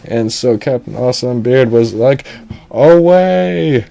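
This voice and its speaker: A young man with a lowish voice narrates a comedic animated story at an unhurried pace. He rambles and jokes, breaking off his own telling with asides.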